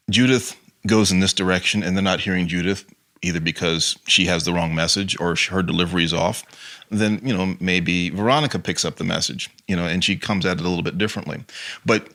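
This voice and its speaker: A man's voice: low-pitched, fairly bright tone. A man speaking as a guest on an interview, an acting and improv teacher talking casually with many "you know" fillers.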